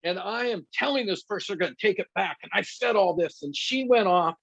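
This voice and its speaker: High-voiced middle-aged man telling stories. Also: fairly quick, gravelly. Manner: animated storyteller who laughs at himself. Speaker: guest pastor and counselor. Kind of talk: conversational teaching with personal stories. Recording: dull lo-fi dry sound.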